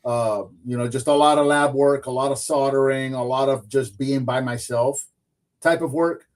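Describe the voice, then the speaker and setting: A man's voice: medium pitch, normal speed. A man hosting a livestream podcast, chatting casually and filling his talk with "like" and "dude". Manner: animated, uses "like" and "dude" a lot. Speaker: podcast host. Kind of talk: casual chat.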